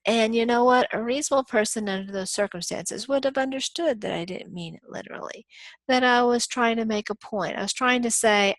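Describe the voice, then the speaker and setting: A woman's voice: on the high side, fairly quick, a bit bright, no echo. A woman business law instructor giving a recorded lecture, explaining through acted-out everyday scenarios with frequent "um"s.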